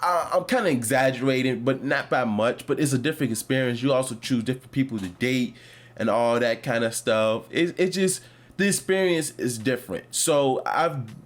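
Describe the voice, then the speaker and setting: A man's voice: mid-range voice, normal speed. A man hosting his own podcast, chatting casually and rambling about a video game, with lots of fillers and restarts. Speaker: podcast host. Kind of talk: casual gaming chat.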